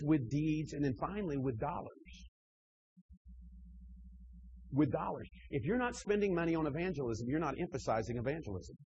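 A man preaching to church leaders, emphatic, swinging between loud pushes and quieter asides, with frequent restarts. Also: mid-range voice, husky, highs cut off. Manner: emphatic, rising and dropping in volume, frequent restarts.

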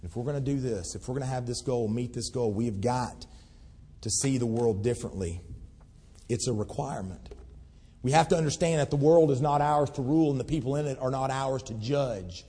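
Folksy pastor in an echoing church. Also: male voice, medium pitch, brisk, breathy edge. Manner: folksy storyteller, swings from loud outbursts to hushed pleading. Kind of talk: sermon. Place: church sanctuary. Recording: long hall reverb.

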